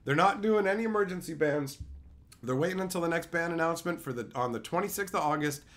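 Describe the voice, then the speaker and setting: A man's voice: fairly high pitch, fast, fairly bright tone. A man streaming live, chatting casually with his chat and ranting with repeated, profane phrases. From Canada.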